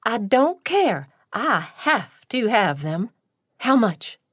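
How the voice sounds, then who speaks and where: A brash young woman dancer who is set on winning, voiced by a woman reading the story aloud. She talks slowly and insistently, and her voice sounds dry and close. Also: on the high side, very animated, a bit bright, husky, no echo, pitched above the performer's own voice, exaggerated voice.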